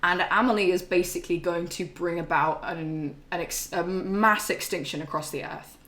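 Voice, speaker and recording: A woman's voice: on the low side, moderate pace, fairly bright tone. Streamer woman chatting to chat about a game, swears a lot, lots of ums, echoey room. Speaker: live streamer recapping a game. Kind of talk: casual rambling recap to chat. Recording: roomy echo.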